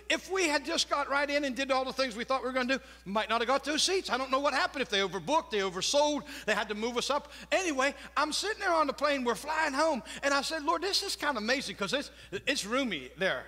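A man's voice: extremely high pitch, pushed and bright. A man preaching a sermon as pastor, telling a story with jokes and asking the congregation questions. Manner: storytelling, laughs at own jokes, asks crowd questions. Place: church sanctuary. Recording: long church reverb.

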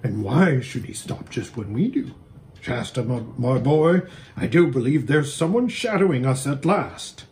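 A man's voice: mid-range voice, expressive, unhurried, a little mellow, slight background noise, close to an everyday voice. A man voicing a proud, anxious male talking warhorse in a storybook reading, earnest and worried in tone. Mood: cautious.

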